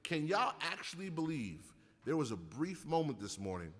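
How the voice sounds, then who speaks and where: A man's voice: a little high, moderate pace, in a large hall. A man telling profane comic stories in casual talk, acting out quotes, who hasn't slept. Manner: animated, profane, acts out quotes. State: sleep-deprived. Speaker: comedian guest. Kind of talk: casual comedic storytelling.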